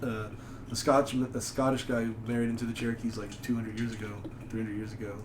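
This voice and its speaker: A man telling rambling, animated stories on a casual podcast. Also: mid-range voice, quick pace. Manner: rambling, animated storytelling with mocking put-on voices. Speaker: podcast host. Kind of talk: casual chat. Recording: echoey room with faint noise.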